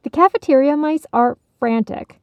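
A woman voicing Penny, a squeaky female mouse who rushes in with urgent news, in a storybook reading. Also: no echo, lo-fi sound, close to an everyday voice.

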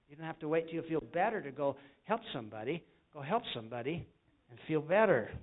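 A man preaching in an earnest, storytelling way, his voice set a little high for a man. He acts out the people he quotes. The sound is thin and tinny, like a phone line. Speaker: evangelist preacher. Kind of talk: sermon.

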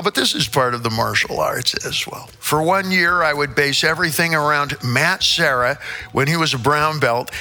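Flamboyant older man, very bright voice. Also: fairly high pitch. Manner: flamboyant, theatrical, playful wordplay, swearing. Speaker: interview guest, rock singer. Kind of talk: casual storytelling interview.

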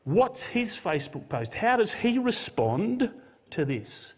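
A man's voice: sits high, big pitch swings, takes it slowly, husky. A man, a pastor preaching a sermon and telling a Bible story with jokey modern asides. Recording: long hall reverb.

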